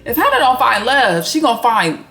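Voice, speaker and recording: A woman's voice: a little high, very animated, fairly quick, bright, forceful tone, soft background music. Chatty, blunt woman recapping reality TV. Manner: chatty, blunt and profane, with slang. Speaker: YouTube recap host.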